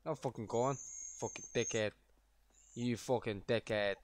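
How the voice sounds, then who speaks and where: A young man streaming a game live, cursing and hurling insults at everyone he runs into. His voice sits at an ordinary middle pitch, and his running commentary swings between muttered grumbles and loud outbursts. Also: fairly even intonation, normal speed. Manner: profane, ranting, yelling insults at game characters. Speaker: livestreamer.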